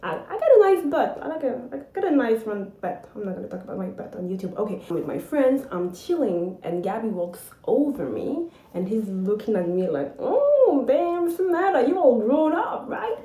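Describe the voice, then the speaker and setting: A young adult woman telling a personal story to camera in a chatty, dramatic way, with lively asides. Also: mid-range voice, fairly quick, hardly any pauses, reverberant, rough recording. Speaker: vlogger.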